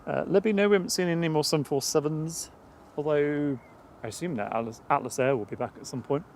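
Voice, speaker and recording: A man's voice: a little high, fast, slight background noise. A man co-hosting a plane spotting live stream outdoors, chatting casually and telling rambling stories. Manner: easygoing, rambling storyteller. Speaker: plane spotting livestream co-host. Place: outdoors at an airport.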